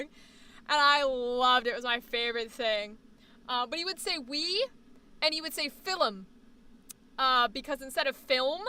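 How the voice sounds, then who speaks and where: American woman streamer, high bright voice, rambling casual chat with lots of swearing. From United States. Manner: chatty, rambling, swears freely. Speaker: live streamer.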